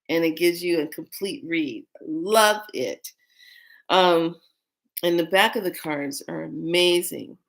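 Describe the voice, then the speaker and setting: A woman who reads oracle cards, telling a rambling, excitable story in a casual vlog. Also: fairly low pitch. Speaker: oracle card reader.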